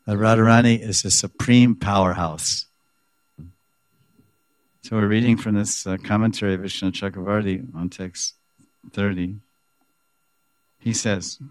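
A man's voice: on the low side, fairly even intonation, measured pace, pauses often, darkish tone, dry recording. A man giving a scripture class, reading a commentary aloud and explaining it, acting out the quoted speakers with animation. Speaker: spiritual teacher.

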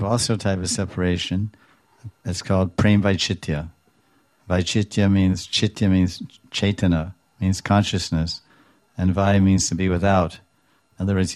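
Deep-voiced male preacher, animated storyteller, dry close recording. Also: no echo. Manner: animated storytelling, explains terms, chuckles. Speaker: devotional speaker. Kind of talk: devotional talk retelling scripture stories.

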